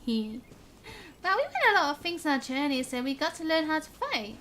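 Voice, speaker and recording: A young woman streaming a game, reading its dialogue aloud and chatting, bubbly and quick to laugh at her own slips. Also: high-pitched, big pitch swings, a bit bright, a little hiss or hum. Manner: chatty, bubbly, stumbles on words and laughs at herself. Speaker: gaming streamer. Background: game music.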